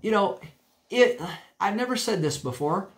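A male pastor delivers a sermon in a church with a fairly high voice. He talks in an emphatic, folksy way, driving points home by repeating phrases and often restarting sentences. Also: animated, moderate pace.

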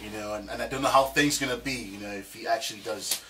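A man's voice: on the low side, sharp tone. A man from Zambia narrating a comedy skit, stumbling and repeating his words, recorded from a distance. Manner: halting, repeats words, mixes languages. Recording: distant mic with faint background noise.

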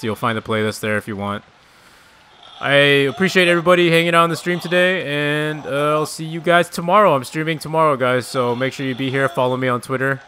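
Live-streaming a horror game, a male gaming streamer reacts to the gameplay while talking to his chat, swearing often and shrieking when startled. His voice is medium-pitched with a sharp tone, and there's a little hiss or hum in the audio.

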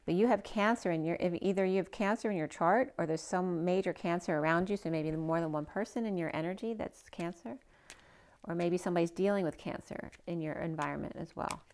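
A woman reading tarot cards aloud in a casual way, thinking out loud and asking the cards questions as she goes, her voice a little hoarse. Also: on the low side, a little fast. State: a bit hoarse, losing her voice. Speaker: tarot card reader.

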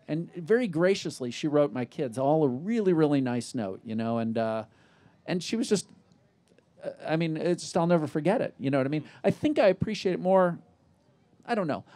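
A middle-aged man telling animated stories on a live festival stage, acting out the dialogue he quotes. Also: fairly high pitch. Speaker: interview guest. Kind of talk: storytelling in a live festival interview.

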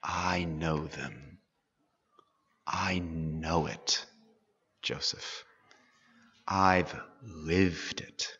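A man voicing an aged, resigned patriarch father who speaks softly and slowly, dropping to a hush. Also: very deep voice, steady tone, breathy edge, pitched below the performer's own voice, heavily acted. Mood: tender. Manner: soft, slow, falling to a hush. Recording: dull, echoey hall recording.

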